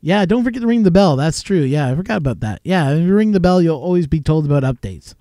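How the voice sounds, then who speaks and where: A man telling stories on a home live stream, his voice on the higher side yet mellow and soft. He rambles and chuckles, filling gaps with fillers, and the sound is close and dry. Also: expressive, fast talker, dry recording. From Canada. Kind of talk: casual live-stream chat and storytelling.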